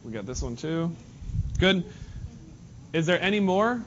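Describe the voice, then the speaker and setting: A man's voice: on the high side, expressive, a little slow, fairly bright tone. Man teaching a class, dull lo-fi sound. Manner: casual, joking, calls on students by name. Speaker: math teacher. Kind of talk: classroom lesson. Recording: dull lo-fi classroom recording with faint noise.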